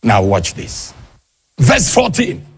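Husky-voiced preacher, shouting and sing-song. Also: male voice, wildly swooping pitch. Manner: swings from shouted, sing-song peaks to low, quick asides. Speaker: pastor. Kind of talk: sermon. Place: church.

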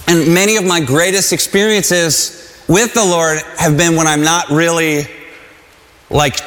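A man preaching a sermon in an earnest, conversational way, at times crying out loudly and at times stumbling over restarts. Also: sits high. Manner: earnest, conversational, with shouted cries and halting restarts. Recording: long hall reverb.

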